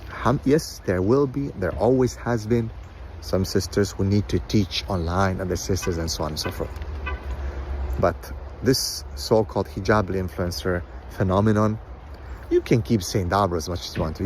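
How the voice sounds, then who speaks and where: Blunt lecturing man, low voice. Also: normal speed, a little mellow, a little hiss or hum. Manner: blunt, lecturing, mocking quotes in a higher voice. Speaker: Islamic counselor and commentator. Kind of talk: opinionated monologue.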